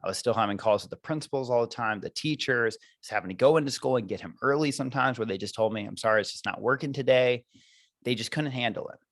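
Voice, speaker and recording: A man's voice: medium pitch, fast talker, dry recording. A man who coaches parents, talking earnestly and reflectively in a podcast conversation, with many fillers.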